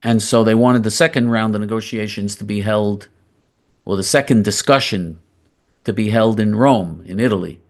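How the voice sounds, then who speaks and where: A man with a lowish voice, speaking at normal speed, hosts a political commentary monologue. He's blunt and combative, repeating and doubling phrases for emphasis.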